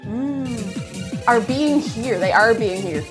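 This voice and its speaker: This livestream host speaks slowly in a slightly high, expressive voice over music. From her home kitchen, she chats playfully and casually with live viewers, dropping in silly asides.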